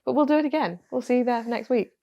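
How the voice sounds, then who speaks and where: A woman's voice: fairly high pitch, fast talker, vocal fry, muffled recording. A woman co-hosting a podcast in casual chat, laughing often as she talks. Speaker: podcast co-host.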